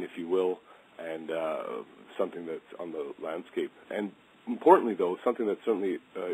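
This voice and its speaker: A man presenting slides in a policy webinar, relaxed and informal, with many fillers and hesitations. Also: sits low, slight background noise, poor audio. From British Columbia, Canada.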